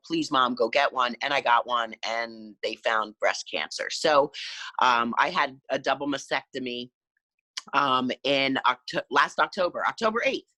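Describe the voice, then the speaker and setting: Bright-voiced woman in her fifties. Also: very deep voice, dry recording. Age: 50s. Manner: halting, with many restarts. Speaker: guest. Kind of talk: casual interview talk.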